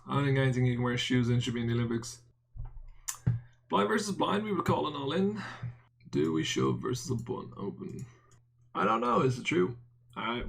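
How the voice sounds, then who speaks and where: A man's voice: mid-range voice, creaky, fairly bright tone. A man with an Irish accent giving casual live-stream poker commentary, bantering and answering chat with self-mocking jokes and the odd swear word. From Ireland.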